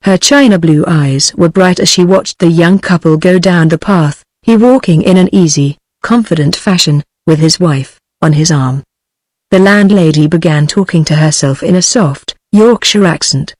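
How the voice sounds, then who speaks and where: A synthetic woman's voice with a British accent giving a text-to-speech narration of a story, in an even, flat delivery. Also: fairly low pitch, normal speed, no room sound.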